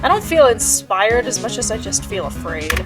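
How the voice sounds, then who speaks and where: A woman's voice: a little high, sing-song, normal speed, music in the background. A woman voicing a young male defense lawyer with dry, sarcastic remarks while reading a game aloud.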